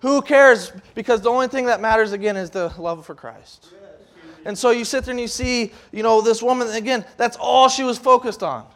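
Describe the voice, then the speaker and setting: A man's voice: extremely high pitch, a little fast. A man giving a loose, conversational sermon as a youth leader, acting out the voices of scoffers. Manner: animated, acts out voices of scoffers; loose, conversational preaching with fillers and restarts.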